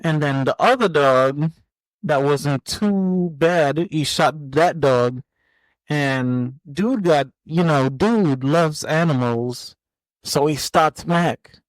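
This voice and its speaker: Slow, smooth-voiced man in his forties. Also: fairly high pitch, no echo, low-quality recording. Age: 40s. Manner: slow, hesitant, repeats words while gathering thoughts. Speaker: podcast co-host. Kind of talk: casual movie chat.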